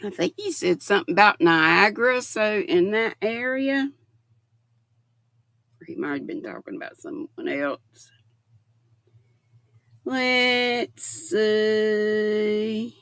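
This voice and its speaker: Woman in her sixties, unhurried and dry-sounding, affectionate host reading her viewers' comments aloud. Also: medium pitch, animated, fairly bright tone, no echo. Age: 60s. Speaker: livestream host.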